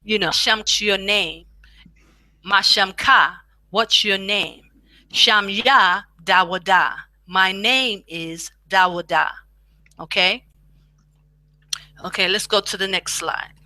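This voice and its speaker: Slow, bright-voiced woman teaching a lesson. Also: mid-range voice, no echo. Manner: slow, repeats each phrase for practice, chatty asides. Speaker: language teacher. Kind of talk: beginner language lesson.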